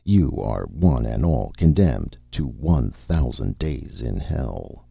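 A man's voice: extremely low pitch, big pitch swings, slow, vocal fry, slightly rough, dry recording, heavily acted. A man voicing a cold, stern male tribal judge delivering solemn pronouncements in an audiobook. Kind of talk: audiobook character voice. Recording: dull, dry audiobook recording.

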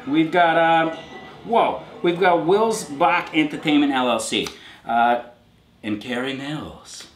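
A man's voice: fairly high pitch, slow, roomy sound, slight background noise, rough recording. A man hosting a show, reading names aloud in a casual comedic roll call and riffing crude jokes on each one. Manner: jokey, riffs on names, crude asides. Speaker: show host reading out donors.

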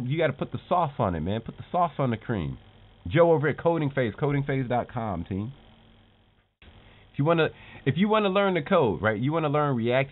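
A man hosting a show, giving a casual motivational talk to his viewers, calling them "team" and asking "right?" as he talks. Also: medium pitch. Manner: animated, calls his audience "team", keeps asking "right?". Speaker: show host. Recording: tinny phone-like lo-fi sound.

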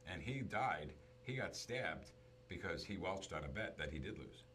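A man chatting casually about movies, retelling scenes in an animated storytelling manner. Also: low-pitched, normal speed, a little hiss or hum.

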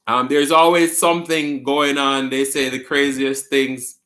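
A man's voice: mid-range voice, flat delivery, a little slow, pushed and bright. A man with a Jamaican accent hosting a casual live stream, reading viewer comments aloud, answering them and laughing often.

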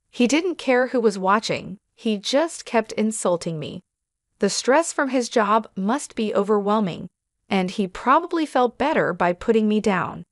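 A woman reading a first-person story aloud in scripted narration, steady and measured. Her voice is mid-pitched and recorded dry and close. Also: no echo.

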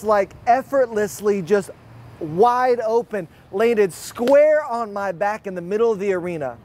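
A young man preaching, his voice pitched high for a man. He tells stories in a lively way and acts out the other speakers' lines as he goes. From Fort Worth, Texas. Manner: lively storyteller, acts out quotes. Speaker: pastor. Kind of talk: sermon with personal storytelling. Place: online church service.

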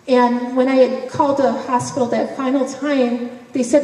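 A woman's voice: high voice, level tone, normal speed, few pauses, dark tone. Woman speaking in an echoey hall. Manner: emotional, conversational, laughs between phrases. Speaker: speaker sharing a personal story. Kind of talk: personal testimony speech. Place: event hall. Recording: echoey hall, voice from far off, faint noise.

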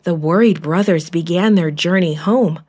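A woman narrating a children's Bible story in a clear storytelling manner. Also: on the low side, normal speed, a little mellow.

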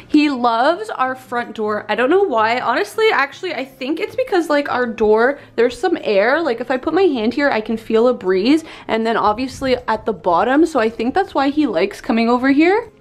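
Chatty young woman, high voice. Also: expressive, normal speed, hardly any pauses. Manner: chatty, talks in baby talk to a puppy. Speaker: vlogger. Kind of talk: casual home vlog. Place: home, indoors. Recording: echoey room.

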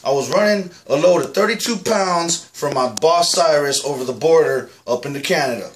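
A man's voice: fairly high pitch, moderate pace, slight background noise, natural voice. A man playing a boastful, foul-mouthed ex-con who insists he is the real Julian, talking to camera in a comic monologue. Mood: blustering. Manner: profane, aggressive, keeps saying "all right?".

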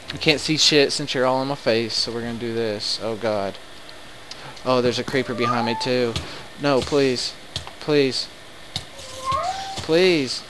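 Guy doing let's play commentary, swears a ton, voice swings all over, steady noise behind. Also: medium pitch. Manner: excitable, swears often, frustrated outbursts. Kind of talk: live game commentary.

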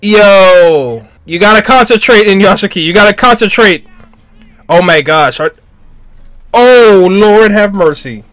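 A man reacting live to an anime, exclaiming and shouting at the screen. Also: high-pitched, lively intonation, unhurried, dry recording.

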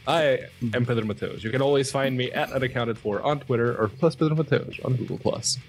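A man's voice: mid-range voice, brisk, faint music behind. A man from Portugal, co-hosting a gaming podcast in casual chat, hesitant and self-deprecating. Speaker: podcast co-host.

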